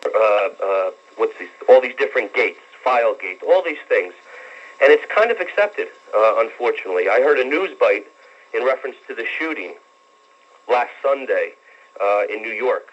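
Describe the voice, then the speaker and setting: A man in his twenties phones in to talk radio, earnest and rambling, pausing often on fillers. His voice sits at a middle pitch. The sound is a dull, lo-fi radio broadcast. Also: animated. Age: 20s. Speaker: caller.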